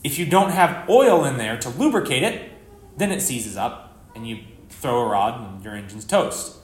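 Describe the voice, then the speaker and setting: A man preaching a live sermon as pastor, earnest and conversational, with sudden rises in pitch and volume for emphasis. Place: church sanctuary. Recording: echoey church hall.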